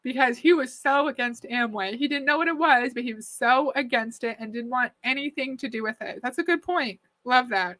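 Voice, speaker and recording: A woman's voice: high-pitched, moderate pace, hardly any pauses, a bit bright. A woman hosting a reaction commentary, chatting skeptically and reading out viewer comments. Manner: skeptical, conversational, often laughing. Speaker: commentary host.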